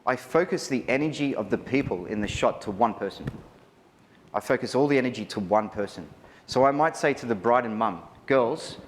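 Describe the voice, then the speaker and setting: An Australian man giving a wedding photography seminar, chatty and animated, often asking the audience questions. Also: mid-range voice, brisk, slight background noise. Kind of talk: live seminar talk to an audience. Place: large hall. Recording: reverberant hall with faint ambience.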